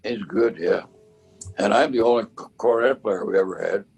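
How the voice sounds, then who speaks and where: A man in his nineties, a bandleader and cornet player, reminiscing in a casual interview with a halting, rambling way of telling stories. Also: lowish voice, gravelly, a little mellow, slightly rough, soft background music. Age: 90s. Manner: rambling, halting storyteller with many restarts.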